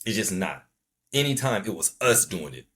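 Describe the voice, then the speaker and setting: A man speaking hosts a solo podcast in a fervent, preachy tone. His fairly low voice has a husky grain, and he hammers his points home by repeating words and swearing now and then. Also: big pitch swings, moderate pace, a bit bright. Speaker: podcast host. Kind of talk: impassioned solo podcast commentary.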